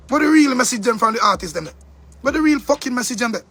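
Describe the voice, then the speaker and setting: High-pitched, heated Jamaican man. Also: animated, fast talker, a bit bright, breathy edge, soft background music. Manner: angry, profane, preachy, repeats for emphasis. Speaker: commentator. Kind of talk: heated monologue rant.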